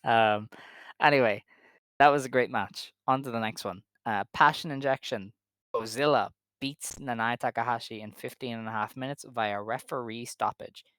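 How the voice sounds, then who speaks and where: A man's voice: medium pitch, normal speed, fairly bright tone, dry recording. A man co-hosting a casual chat, matter-of-fact as he runs through match results. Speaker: podcast co-host.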